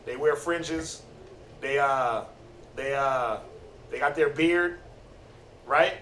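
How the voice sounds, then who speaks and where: A man giving a casual, slangy sermon-style Bible teaching, animated and conversational. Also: mid-range voice, slow, pauses often. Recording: roomy, distant mic, faint noise.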